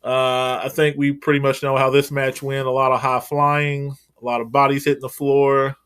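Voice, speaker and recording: A man's voice: mid-range voice, level tone, moderate pace, fairly bright tone, smooth. Rambling casual man recapping wrestling. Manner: loose, rambling, swears casually. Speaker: podcast co-host.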